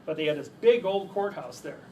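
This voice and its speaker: Man, rambling storyteller, lots of restarts, higher-pitched, faint room noise. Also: expressive, a little fast, warm tone. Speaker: speaker telling stories to a crowd. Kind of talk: casual storytelling. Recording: distant mic, faint background noise.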